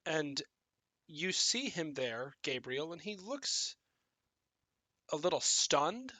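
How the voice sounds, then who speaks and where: A man's voice: a little high, fairly bright tone, no echo. A man running a tabletop game as game master, describing scenes and correcting himself as he goes.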